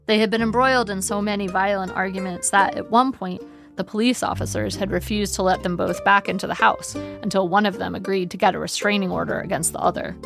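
A woman narrating an audiobook in a wry, steady storytelling manner. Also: mid-range voice, fast talker, creaky, over music.

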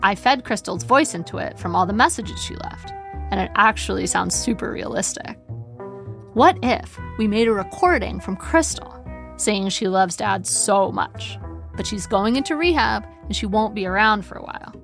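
A practical, matter-of-fact sister, read by a woman narrator lays things out in a near-normal voice with a gravelly texture. She stays even and plain, with faint music behind her. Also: medium pitch, moderate pace. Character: practical adult sister reading out a plan.

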